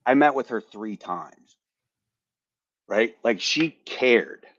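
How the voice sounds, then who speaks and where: A man on a podcast telling a story in a casual, animated way, swearing and repeating words as he goes. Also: lowish voice, slow, muffled recording, slight background noise. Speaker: podcast host, veteran.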